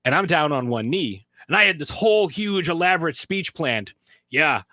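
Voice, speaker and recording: Animated bright-voiced man telling a story. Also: moderate pace, no echo. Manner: animated storyteller, acts out quotes in high voices. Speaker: podcast guest. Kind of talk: casual storytelling.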